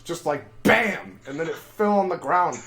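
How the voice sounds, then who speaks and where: Profane, high-voiced male streamer. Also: lively intonation, moderate pace, very noisy. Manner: crude, profane storytelling with shouted outbursts. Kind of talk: casual livestream chat.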